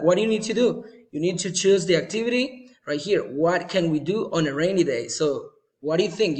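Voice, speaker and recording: A male teacher giving a recorded English lesson to children, slow and repetitive, often checking in with "okay?". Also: a little high.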